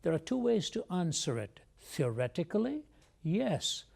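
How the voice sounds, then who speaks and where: A man as an interview guest, telling a personal testimony in a measured, reflective way. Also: on the high side, very animated, vocal fry, a little mellow, husky. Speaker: guest speaker.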